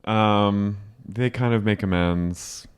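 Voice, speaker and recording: A man's voice: lowish voice, takes it slowly, smooth. A man co-hosting a podcast, chatting casually and recapping a show with lots of fillers and quoted lines. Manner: chatty, with frequent fillers and quoting. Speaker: podcast co-host.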